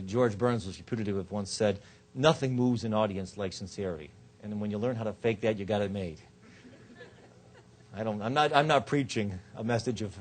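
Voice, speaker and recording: Man lecturing with lively joking delivery. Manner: lively, joking, quick shifts of pitch and loudness. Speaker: law professor. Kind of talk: lecture on rhetoric. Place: lecture hall.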